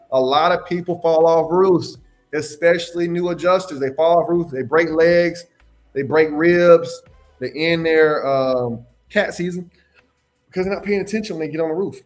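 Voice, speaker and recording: A young man hosting a casual livestream Q&A as a mentor. He talks in an animated, slangy way, laughs often and repeats his phrases. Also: on the high side, normal speed, faint music behind. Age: young adult. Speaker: independent adjuster mentor hosting a live Q&A.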